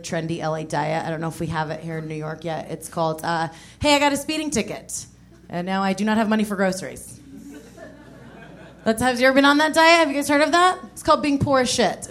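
A woman's voice: on the low side, a bit bright, a little hiss or hum. A woman in her thirties doing a stand-up set on a comedy club stage, candid and self-mocking, with laughing asides. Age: 30s. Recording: live band music behind.

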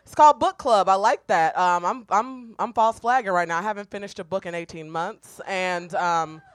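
A woman from Chicago doing a loud, brash, self-mocking stand-up set on a comedy club stage, laughing often between jokes. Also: mid-range voice, moderate pace, no room sound.

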